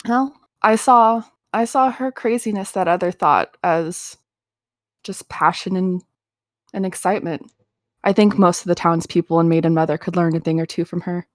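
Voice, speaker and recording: A woman playing a shaken young tailed heroine in a tabletop game, halting and earnest. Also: on the low side, no echo, clean studio sound, lightly acted. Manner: halting, earnest, stumbling over words. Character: shaken young woman with a tail, long imprisoned.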